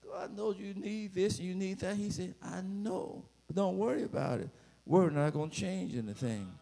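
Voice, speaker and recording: A man preaching a sermon with dramatic swells, bursts of shouting and playful asides. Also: sits high, lively intonation, moderate pace, gravelly.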